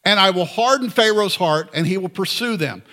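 Male preacher, bright voice, earnest and conversational. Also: sits high, animated, normal speed. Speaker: pastor. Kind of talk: sermon.

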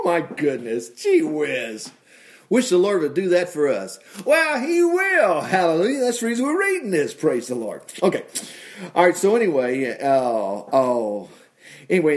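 A middle-aged man preaches a folksy sermon, reading scripture aloud and sprinkling in homespun asides and exclamations of praise. His voice is on the high side, with a darkish tone.

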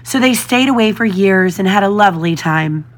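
A woman voicing a gentle but firm, motherly young girl in a storybook reading. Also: medium pitch, lively intonation, normal speed, lightly acted.

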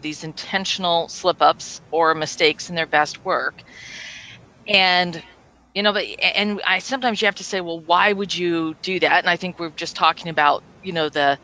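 A woman host asking a question in a halting, searching way. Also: lowish voice, sharp tone, poor audio. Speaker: podcast host. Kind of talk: interview questions.

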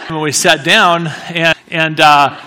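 A man telling a story in a halting, self-deprecating way, with many restarts. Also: fairly high pitch, steady tone, pushed and bright, long reverb tail. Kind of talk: anecdotal storytelling talk.

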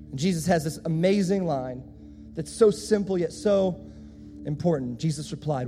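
A man's voice: on the high side, moderate pace, dark tone, soft background music. A man preaching a sermon as pastor, emphatic and repeating his key phrases. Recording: long hall reverb.

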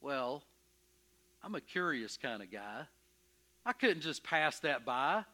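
A man playing Moses in a dramatic first-person sermon, telling his story with emphatic, expressive energy and stammering when anxious. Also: medium pitch, slow, exaggerated voice. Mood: earnest. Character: Moses, earnest, stubborn, curious shepherd. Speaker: preacher in character.

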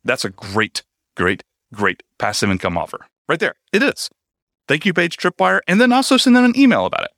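A man coaching the viewer on online business in an emphatic, energetic way, talking straight to them with casual, slangy asides. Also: medium pitch, no room sound, clean studio sound. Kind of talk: direct-to-camera teaching monologue.

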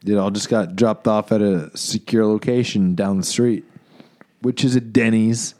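A man's voice: lowish voice, steady tone, unhurried, warm tone. A man cohosting a podcast, riffing in profane, rambling comedic banter. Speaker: podcast host.

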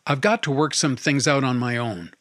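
A man voicing a middle-aged priest who is breaking down, strained and halting, sometimes shouting. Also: medium pitch, no echo, clean studio sound, lightly acted.

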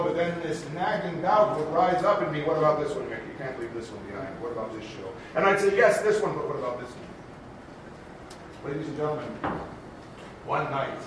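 A man's voice: high-pitched, close to an everyday voice. A man playing an aging, showy, forgetful Broadway producer who emcees a live improvised stage comedy with grandiose showman patter. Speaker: show's emcee character. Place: theater stage. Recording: echoey theater recorded from far off, noisy.

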